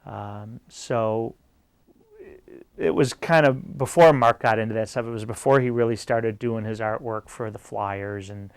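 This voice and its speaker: A man recalling an old music scene in a documentary interview, relaxed, with frequent fillers. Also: fairly low pitch, a little slow, smooth, no room sound.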